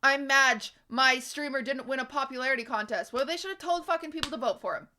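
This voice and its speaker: A woman's voice: high-pitched, quick pace, bright, forceful tone. A young woman streamer ranting at her live chat, exasperated and profane, hammering her points home.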